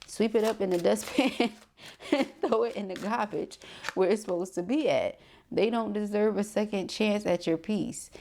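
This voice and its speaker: A woman reading tarot for her viewers in a casual, sassy, blunt style, full of slang and quick laughs. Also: mid-range voice, vocal fry, a little mellow. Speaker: tarot reader and spiritual coach.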